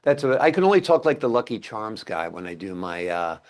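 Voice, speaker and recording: A man's voice: lowish voice, big pitch swings, brisk. A man hosting an interview in an upbeat, enthusiastic way. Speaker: interview host.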